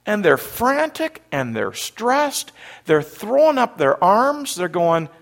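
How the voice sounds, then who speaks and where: A middle-aged pastor from Canada tells the story from the pulpit with a gravelly voice that sits a little high. He swings widely in pitch and leans into the drama, getting loud when he acts out a scene. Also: a little slow. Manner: animated storyteller, acts out panicked disciples loudly. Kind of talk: sermon.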